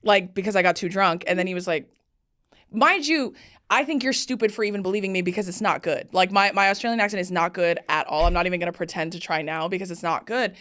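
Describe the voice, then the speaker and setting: A woman podcast host in casual chat, playful and quick to laugh. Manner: playful, swings pitch widely, laughs loudly.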